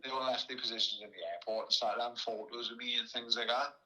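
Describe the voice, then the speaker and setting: Quick-paced and fairly even in intonation, a Welsh former boxer on a podcast casually tells a rambling story, laughing often and restarting what he says. His medium-pitched voice is pushed and bright with a breathy edge, and the recording is rough.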